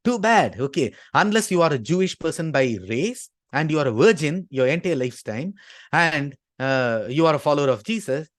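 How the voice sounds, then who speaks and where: A man's voice: fairly high pitch, expressive, moderate pace, no echo, clean studio sound. A man from Tamil Nadu, giving an argumentative lecture and dropping "okay" between his points. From Tamil Nadu, India. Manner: emphatic, constantly inserts "okay". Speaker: speaker at a talk.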